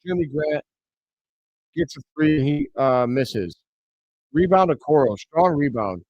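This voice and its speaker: Streamer man, fairly high voice, dry dull home mic, excitable play-by-play caller. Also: a little slow, dry recording. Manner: bursts into excited shouts on big plays. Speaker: host of a live reaction stream. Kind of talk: play-by-play commentary.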